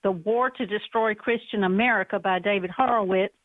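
A woman with a mid-range voice, talking a little fast, phones in to a Christian radio program with an earnest comment on churches and pastors. The recording is dry, and the phone line sounds tinny.

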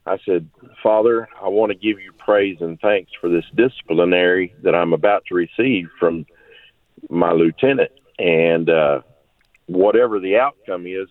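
Deep-voiced male caller on a tinny phone line. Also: no room sound. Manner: rambling, heartfelt, with many restarts. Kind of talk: call-in testimony. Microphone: telephone.

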